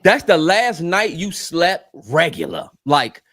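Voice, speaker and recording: A man co-hosting a podcast in casual chat, animated and heartfelt, swearing freely and getting teary. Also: sits high, slow. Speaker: podcast co-host.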